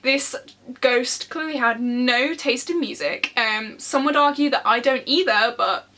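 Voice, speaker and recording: Bright, high-voiced young woman. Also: unhurried. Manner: animated, laughing often, acting out quoted dialogue. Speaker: vlogger. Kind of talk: casual storytime. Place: indoor room, seated.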